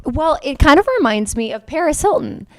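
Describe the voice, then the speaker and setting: A woman's voice: sits high, animated, a little fast. A young woman co-hosting a podcast, chatting playfully and casually. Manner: playful, chatty, imitates voices. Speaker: podcast co-host. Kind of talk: casual chat.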